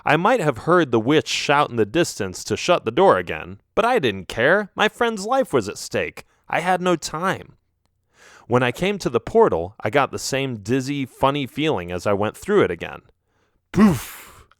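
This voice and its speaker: Expressive male storybook narrator. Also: medium pitch, normal speed, dry recording, studio quality. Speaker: audiobook narrator. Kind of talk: scripted narration.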